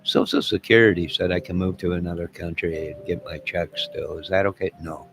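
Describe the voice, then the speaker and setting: A man's voice: sits low, level tone, normal speed, faint music behind, rough recording. An older man hosting his own channel, talking in a loose, joking, rambling way and chuckling as he goes. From United States. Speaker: channel host. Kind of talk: casual rambling monologue.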